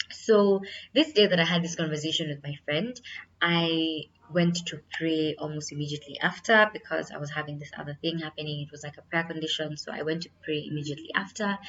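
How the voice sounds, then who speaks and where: Young woman, low voice, earnest casual vlog delivery, slightly muffled home recording. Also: a bit bright. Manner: candid, earnest, many fillers like "like" and "you know". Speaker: vlogger.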